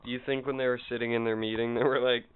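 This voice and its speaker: A man co-hosting a podcast in crude casual chat, cracking dry deadpan jokes. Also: mid-range voice, racing, clean tone, dry recording, narrow, tinny audio. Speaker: podcast co-host.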